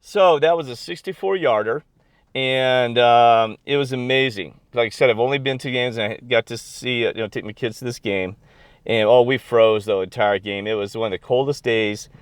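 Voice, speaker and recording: A middle-aged man talking off the cuff, rambling from one thought to the next with plenty of ums and restarts. His voice sits at an ordinary pitch. The room sounds dry and close. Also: normal speed, smooth, no echo. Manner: rambling, excitable, many fillers and restarts. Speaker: video blogger. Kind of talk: casual chat.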